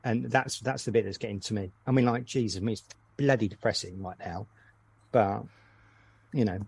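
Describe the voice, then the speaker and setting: A man's voice: lowish voice, normal speed, creaky, a little mellow, slightly rough, no room sound. A man in casual podcast chat, sounding glum and frustrated. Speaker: podcast co-host.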